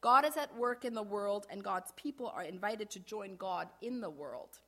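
A middle-aged woman pastor giving a sermon in a measured way, slowing down to stress key phrases. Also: mid-range voice, fairly bright tone.

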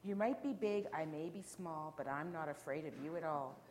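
A woman's voice: deep voice, moderate pace, darkish tone, natural voice. A woman doing a bold little girl. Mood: teasing. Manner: cheeky and unafraid, sings rhymes. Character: small, bold, cheeky youngest girl.

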